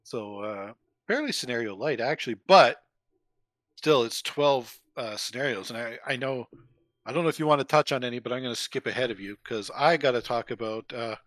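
Middle-aged man, bright forward tone, dry close mic, eager hobby chat with lots of "uh"s. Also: mid-range voice, fairly quick, no room sound. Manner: enthusiastic, rambling with fillers. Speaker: co-host.

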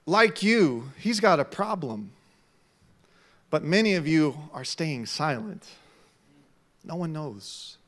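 A middle-aged male pastor preaching a sermon, swinging from quiet talk to loud shouts. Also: a little high, expressive, slow pace, long pauses.

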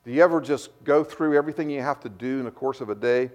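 A middle-aged man preaching a sermon, repeating words as he restarts, telling stories in a lively way. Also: mid-range voice, fast. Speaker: pastor.

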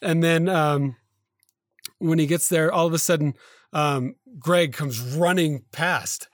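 A man with a slightly high voice tells a story to his co-host in loose, stop-start sentences, full of fillers and restarts. The sound is dry and close, with no room echo. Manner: rambling, halting retelling with many fillers and self-corrections. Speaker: podcast co-host. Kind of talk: casual storytelling chat.

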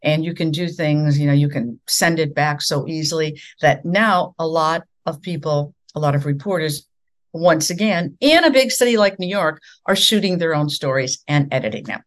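An older woman from the American Midwest, once a news anchor, tells her story in a relaxed, conversational way. She brings it to life by acting out each line of dialogue. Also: low voice, normal speed. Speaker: guest, former news anchor.

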